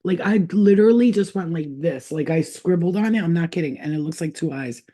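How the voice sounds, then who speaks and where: A woman talking straight to her viewers in a loose, casual spiritual reading. She is animated and excitable and swears freely. She often repeats words as she talks. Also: fairly low pitch, a little fast. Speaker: spiritual reader.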